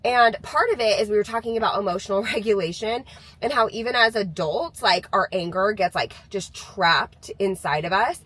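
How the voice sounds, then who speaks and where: A woman's voice: medium pitch, moderate pace, fairly bright tone, low-quality recording. A woman in her thirties, a mother chatting candidly to camera about parenting, laughing now and then as she talks. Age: 30s. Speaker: mom sharing parenting views. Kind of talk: casual talking-to-camera vlog.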